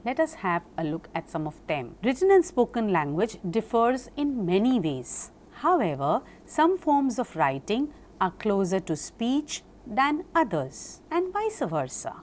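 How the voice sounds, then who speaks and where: Woman lecturing on speaking skills, slow and careful, spells words out, faint hiss behind. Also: on the high side, sing-song, darkish tone. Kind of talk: recorded lecture.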